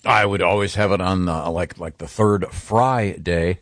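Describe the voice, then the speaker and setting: A man's voice: sits low, a little slow, no echo. A man co-hosting a casual talk show, teasing his colleagues and hesitating with restarts. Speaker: radio show co-host. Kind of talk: casual chat.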